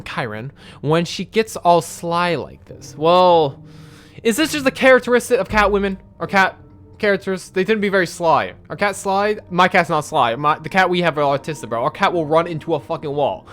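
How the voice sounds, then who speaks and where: A young man narrating his gameplay with loose, rambling energy and plenty of swearing. His voice is bright and sharp, and it leaps up and down in pitch. He sits a little above the usual male register. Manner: animated, rambling, swears a lot. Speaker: gaming video creator. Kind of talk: casual let's-play commentary.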